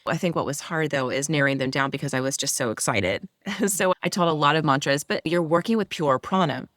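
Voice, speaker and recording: A woman with a mid-low, even voice talks as a guest yoga mentor, her explanations flowing and eager. The sound is dry and close, with no room around it. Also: fairly quick, no room sound. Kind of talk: interview conversation.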